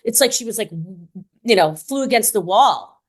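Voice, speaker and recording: A woman co-hosting a podcast, chatty and animated, leaning on "like" as she reacts. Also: a little high, normal speed. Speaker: podcast co-host. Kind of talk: casual podcast discussion.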